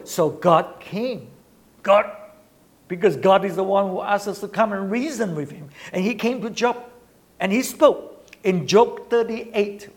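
A man preaching a sermon in an earnest, halting way, repeating words as he builds emphasis. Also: high-pitched.

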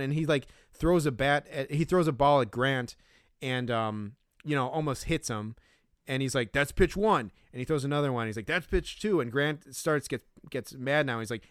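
Recapping a film scene by scene on a casual podcast, this male co-host is animated, laughs a lot, and performs the characters' quotes. He talks at a normal speed in a mid-range voice, and the sound is clean studio audio with no echo.

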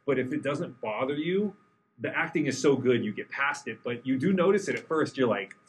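A man co-hosting a podcast in casual conversation. He sits at a middle pitch and talks at length, dropping in jokes. The mood stays relaxed and conversational. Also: fairly quick, slight background noise, poor audio. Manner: joking, talkative, explains at length. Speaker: podcast co-host.

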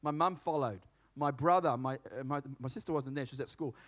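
A man's voice: medium pitch, fairly quick. A middle-aged man preaching a sermon, telling stories with acted-out dialogue. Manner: animated storytelling, acts out dialogue in a hushed voice.

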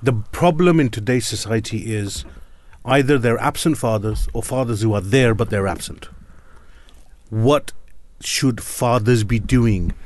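A man's voice: mid-range voice, darkish tone. A male host moderates a discussion and presses his guests with direct questions. He speaks with emphasis in a mid-range voice.

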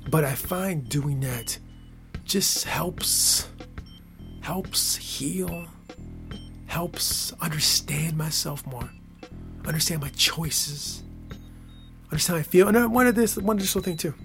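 A man from Michigan with a Michigan accent, hosting a podcast in a playful casual monologue, laughing often and dropping from loud hype to near whispers. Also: a little high, expressive, slow pace, gravelly, pauses often, over music. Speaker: podcast host.

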